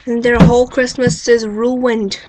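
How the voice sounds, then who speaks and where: A woman's voice: fairly high pitch, little pitch movement, a little slow, background noise. A woman rambling into her webcam mic at home, wry and incredulous, firing off rhetorical questions. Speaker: vlogger. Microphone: built-in webcam mic.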